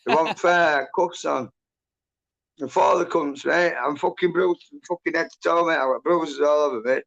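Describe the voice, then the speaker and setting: A man's voice: fairly high pitch, normal speed, gravelly, a bit bright. A man telling a rambling, sweary, agitated story in casual chat. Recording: muffled lo-fi audio.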